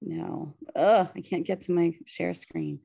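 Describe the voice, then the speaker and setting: Woman in her 40s, Pittsburgh accent, low gravelly mellow voice, hesitant teacher presenting over a video call. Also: steady tone, measured pace, no echo. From western Pennsylvania. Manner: hesitant, many fillers, nervous laughs. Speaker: high school English teacher presenting. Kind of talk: webinar presentation.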